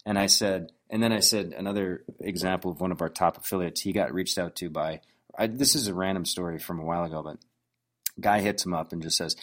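A man's voice: low voice, steady tone, fairly quick. A man telling stories as he coaches on sales, speaking casually with frequent restarts. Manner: conversational, anecdotal, with frequent restarts. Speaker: business owner coaching on sales. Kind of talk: motivational business talk.

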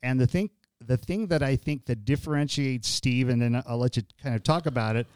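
A man's voice: mid-range voice, a little mellow, clean tone, no room sound. A man hosting a podcast, talking in a thoughtful conversational way and often restarting his phrases. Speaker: podcast host. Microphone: studio podcast mic.

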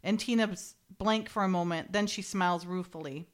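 A woman's voice: mid-range voice, moderate pace. A woman hosting a casual podcast, reading lines from a TV script aloud and breaking off to joke and laugh about it. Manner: animated, reads quotes then jokes and laughs between them. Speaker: podcast host.

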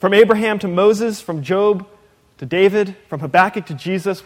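A man's voice: sits high, expressive, moderate pace, long reverb tail. A man in his thirties preaching a sermon in a conversational, playful way, sometimes mimicking others. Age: 30s. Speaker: preacher and teacher.

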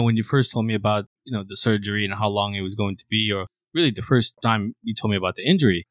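A man's voice: fairly low pitch, dry recording, clean studio sound. Man hosting a podcast. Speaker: podcast host. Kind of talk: casual podcast chat.

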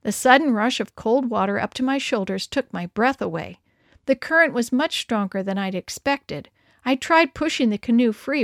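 A woman's voice: a little high, dry recording, clean studio sound. A woman narrating a children's story, reading expressively. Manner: expressive, lively dialogue. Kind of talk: storybook read-aloud.

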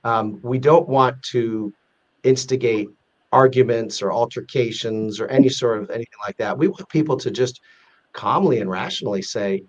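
Speaking at a normal pace in a mid-range voice, this male guest in a laid-back interview walks through a corporate risk rating database. His delivery is earnest and explanatory, full of restarts and performed sample quotes.

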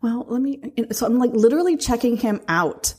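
A woman's voice: a little high, lively intonation, a little fast, husky. A woman in her forties co-hosting a podcast, chatting easily with a laugh never far away, and reading out a book review. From United States. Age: 40s. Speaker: podcast co-host. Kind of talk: casual chat and book review.

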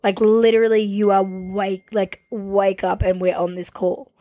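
A playful woman co-hosting a casual podcast, trading jokes and quips at a mid pitch. The sound is dry and close, with no room in it, recorded over a call. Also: little pitch movement, unhurried, mellow, no echo. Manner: playful, jokey banter. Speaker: podcast co-host. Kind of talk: casual chat. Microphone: remote call recording.

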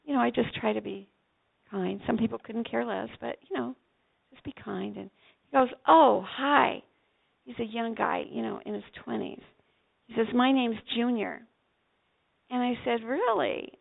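An older woman from Vermont, a pastor's wife, telling a story and acting out the dialogue with lively delivery. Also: a little high, moderate pace, creaky, breathy edge, phone-quality sound. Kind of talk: storytelling testimony.

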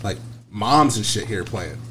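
A young man casually telling an animated, slangy story full of profanity. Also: lowish voice, measured pace, a little hiss or hum. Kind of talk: casual chat.

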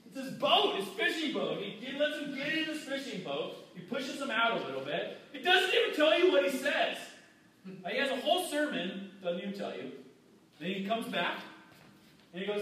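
A man's voice: very high-pitched, sing-song, moderate pace, bright, forceful tone, slight background noise. A man preaching a sermon in a conversational way, often acting out the people in his story. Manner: conversational, acts out quoted voices. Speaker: pastor. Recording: very echoey hall, mic far off.

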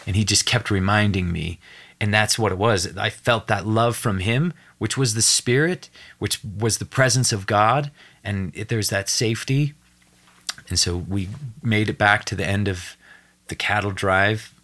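An earnest young man tells a personal story on a podcast, his voice sitting a little low. He acts out the other people's lines as he goes, and he tells it with real emotional weight. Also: measured pace. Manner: earnest, animated retelling with acted quotes. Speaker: podcast guest.

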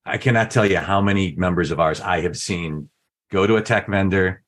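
Deep-voiced man giving earnest advice. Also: normal speed. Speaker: industry member organization leader. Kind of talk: conversational commentary.

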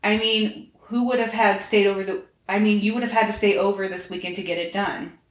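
A woman reading aloud as an indignant young witch, defiant and proud. Her voice sits a bit low, with an echoey room behind it. It is a plain storybook read. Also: fairly even intonation, a little fast, natural voice. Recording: roomy echo.

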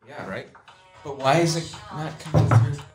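A man's voice: a little high, lively intonation, normal speed, music in the background. A man in casual chat, distracted while fixing a computer connection. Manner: distracted, fiddling with tech.

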